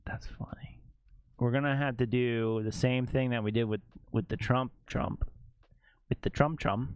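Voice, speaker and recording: Man, streamer, casual chat, laughs often, slow pace, mid-pitched. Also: dry recording, muffled recording. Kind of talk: casual livestream chat while photo editing.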